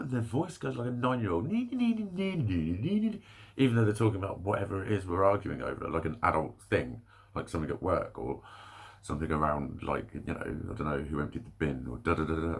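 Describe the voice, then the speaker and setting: A man's voice: low-pitched, creaky. A man in a rambling solo vlog rant, swearing often and breaking off mid-sentence. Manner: rambling, swearing, self-interrupting. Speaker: vlogger. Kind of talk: candid solo rant to camera.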